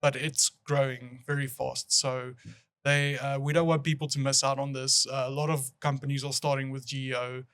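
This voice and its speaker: A man's voice: mid-range voice, level tone, moderate pace, a bit bright, clear, resonant tone, no room sound. Agreeable male podcast guest, dry sound. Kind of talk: casual business chat.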